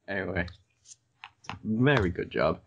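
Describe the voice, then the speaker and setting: A man's voice: low voice, unhurried, creaky, dull audio, a little hiss or hum. A man joking and teasing his friends in casual chat over an online call. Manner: joking, playful, deadpan teasing. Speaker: co-host.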